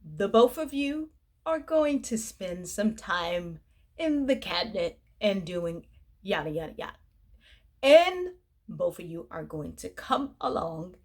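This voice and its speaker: A woman's voice: medium pitch, a little mellow. Woman doing a stern threatening matriarch. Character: stern, threatening older mother, no-nonsense matriarch.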